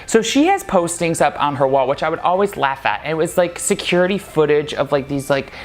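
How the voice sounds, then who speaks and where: A man's voice: on the high side, animated, fairly quick. Guy vlogging a story, talks loose with lots of "like", laughs a bunch. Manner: chatty, laughs often, lots of "like". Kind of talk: casual storytelling.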